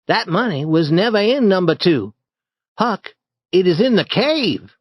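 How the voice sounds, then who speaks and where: A man voicing an eager, bold young boy adventurer in an audiobook, with excited, insistent lines. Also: high-pitched, measured pace, no room sound, clean studio sound, pitched above the performer's own voice, heavily acted.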